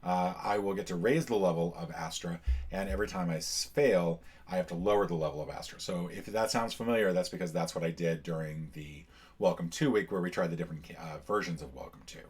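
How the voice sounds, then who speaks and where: A man hosting a casual solo board game playthrough, explaining in a relaxed way with many filler sounds. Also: low voice, brisk, slightly rough. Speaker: board game channel host.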